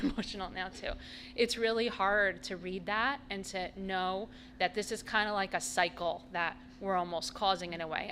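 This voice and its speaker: A woman's voice: mid-range voice, pushed and bright, a little hiss or hum. A woman, a mother, giving a conversational and earnest public comment at a school board meeting. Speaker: parent speaking at public comment.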